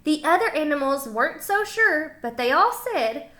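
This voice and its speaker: A woman's voice: high voice, big pitch swings, moderate pace, sharp tone. A woman teacher reading a picture book aloud to children, stopping to explain words and ask them questions. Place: home kitchen.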